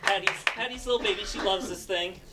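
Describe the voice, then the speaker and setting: A man's voice: high voice, brisk, very noisy. A man doing stand-up comedy and hosting, with lots of fillers, laughing at his own jokes. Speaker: stand-up comedian and show host.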